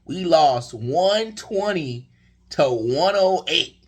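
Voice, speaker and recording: A young man with a slightly husky voice rambles through a casual basketball recap. His pitch rises and falls widely as he tells the story, and he sounds exasperated throughout. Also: animated, slow. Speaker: sports vlogger.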